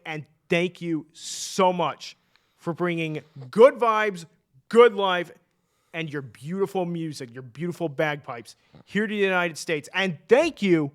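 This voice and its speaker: A man co-hosting a casual sports chat show, enthusiastic and chatty, laughing often and restarting his sentences. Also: high-pitched. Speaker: sports podcast co-host.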